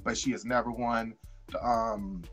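A woman's voice: measured pace, over loud music. A woman co-hosting a podcast in casual chat, retelling gossip and acting out quotes in a raised voice. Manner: animated, acts out quotes in a higher voice. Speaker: podcast co-host.

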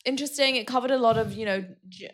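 A woman's voice: fairly high pitch, quick pace, fairly bright tone. Giggly young woman chatting. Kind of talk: casual chat.

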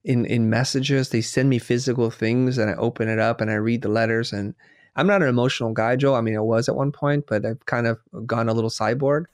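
A man's voice: medium pitch, fairly even intonation, a little fast, no echo, studio quality. A man being interviewed who talks earnestly, telling stories and quoting himself and others as he reflects. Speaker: guest.

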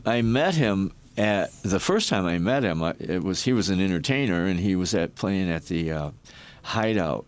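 An older man with a very low voice tells rambling stories as an interview guest. He circles back on his words, restarts sentences, and acts out what other people said. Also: expressive, moderate pace. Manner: rambling anecdotes with restarts and acted quotes. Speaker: guest, former rock roadie and photographer. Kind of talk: storytelling in a podcast interview.

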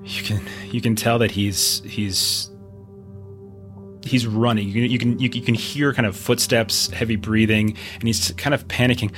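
A man's voice: fairly low pitch, fairly even intonation, unhurried, a bit bright, soft background music. A man narrating as game master of a tabletop game, loose and repeating words.

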